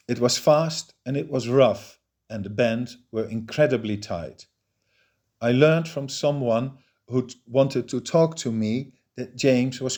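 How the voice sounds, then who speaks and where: A man narrating a novel in a steady, measured reading voice. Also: medium pitch. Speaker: audiobook reader.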